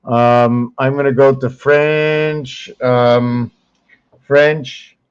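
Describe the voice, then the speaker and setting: Slow, rambling man thinking aloud. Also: medium pitch, flat delivery, smooth, highs cut off. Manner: slow, rambling, searching aloud with many pauses and self-corrections. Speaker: channel host teaching on screen. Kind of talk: thinking-aloud screen walkthrough.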